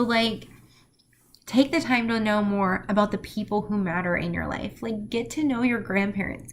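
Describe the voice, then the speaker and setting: A woman's voice: medium pitch, a little hiss or hum. A middle-aged woman talking through a personal vlog in an emotional, heartfelt way, rambling with many fillers. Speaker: vlogger.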